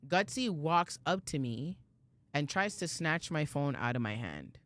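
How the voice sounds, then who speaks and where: A woman's voice: low-pitched, unhurried. Slangy woman telling a story. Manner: animated, swears freely, slangy. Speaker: podcast co-host. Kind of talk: casual storytelling chat.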